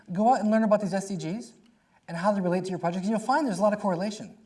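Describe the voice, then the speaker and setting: A middle-aged man speaking on a panel in a conversational way, telling stories with quick asides. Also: sits high, darkish tone.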